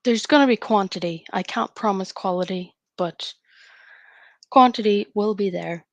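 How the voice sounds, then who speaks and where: Speaking at medium pitch and a moderate pace on a dry recording, a woman hosts a live writing stream. She chats casually, rambling and thinking aloud between tasks.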